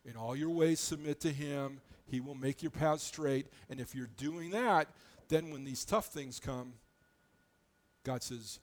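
A man's voice: medium pitch, unhurried. A man preaching a sermon as pastor, in a conversational, plain-spoken way, often restarting his phrases as he explains.

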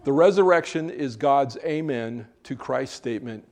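Male pastor mid-sermon, mid-pitched, conversational and earnest with light asides. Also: animated, moderate pace, a little mellow. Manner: conversational, joking asides between earnest preaching.

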